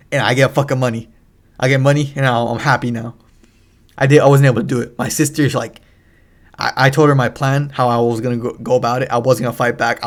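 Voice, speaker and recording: A young man casually telling a story over gameplay, rambling and swearing a lot, often restarting his sentences. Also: mid-range voice. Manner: rambling, profane, frequent restarts. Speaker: gaming channel host.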